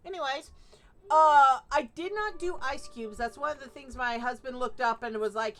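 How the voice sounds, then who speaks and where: A woman's voice: high-pitched, lively intonation, moderate pace, fairly bright tone, a little hiss or hum. A woman streaming a game live, chatting casually with her viewers, reacting to their messages and laughing often. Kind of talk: casual live-stream chat while gaming.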